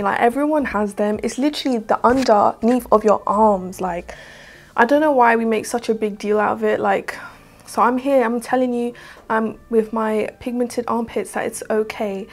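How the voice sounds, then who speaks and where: A woman's voice: a little high, gravelly. A British woman giving a candid, chatty beauty product review, often filling with "like". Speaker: beauty vlogger. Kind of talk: casual product review to camera.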